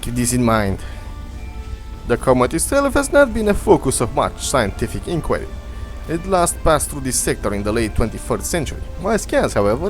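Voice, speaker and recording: A man's voice: mid-range voice, pitched above the performer's own voice. A man voicing a curious male alien science officer with a put-on Russian accent, reading a formal log. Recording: faint game music behind.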